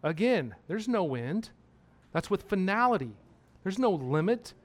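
Male preacher, high voice, emphatic sermon delivery with repeated points and questions to the congregation. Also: very animated, measured pace.

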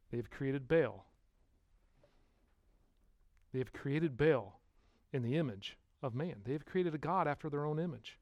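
A man preaching a sermon in a fairly high voice, with a dry, close sound. He presses rhetorical questions on his listeners and swings between hushed, low passages and loud, emphatic ones. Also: dry recording. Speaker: pastor.

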